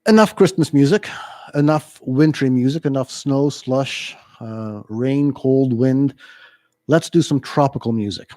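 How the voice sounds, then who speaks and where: A man's voice: mid-range voice, mellow, dry recording, clean studio sound. A man hosting a community radio show, casually reading listener emails and introducing songs with frequent ums. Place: radio studio. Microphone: studio microphone.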